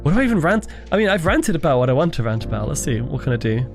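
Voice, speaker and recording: A man's voice: fairly high pitch, big pitch swings, very fast, vocal fry, music in the background. Rambling British man streaming at home. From Britain. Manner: rambling, self-interrupting, swears and laughs easily. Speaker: livestream host. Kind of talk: casual livestream chat. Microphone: desk microphone.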